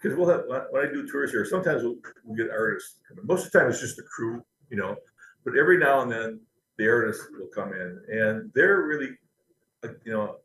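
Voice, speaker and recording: A man's voice: medium pitch, fairly bright tone, slight background noise. A man, a company historian, telling anecdotes in an interview, chatty and laughing now and then. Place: company building. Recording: roomy echo.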